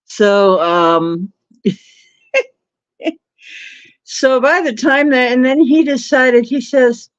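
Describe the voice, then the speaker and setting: On a dull, dry, lo-fi recording, a livestream host chats casually and tells stories, rambling, laughing and leaning on plenty of fillers. Her medium-pitched voice is expressive and unhurried.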